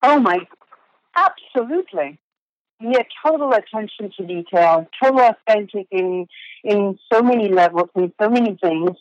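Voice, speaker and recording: A woman's voice: mid-range voice, animated, normal speed, no echo. An Italian-born woman, Italian her first language, chatting as a guest in an interview. She talks emphatically and circles back over her words. The sound is dull and lo-fi, with a dry, close feel. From Italy. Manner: emphatic, repeats words while searching for them. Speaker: actress guest. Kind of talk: casual interview.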